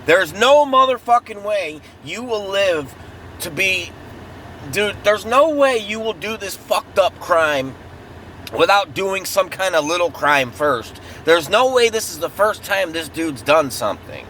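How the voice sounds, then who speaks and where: A man's voice: high-pitched, expressive, unhurried, pushed and bright. A man in an angry, profane true-crime rant, heated and repetitive, recorded outdoors near traffic. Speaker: vlogger.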